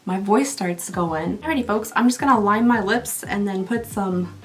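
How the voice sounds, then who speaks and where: A woman's voice: mid-range voice, moderate pace, background noise. A woman, chatting casually while doing her makeup. She rambles and laughs often, and her voice is getting tired. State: losing her voice. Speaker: beauty vlogger.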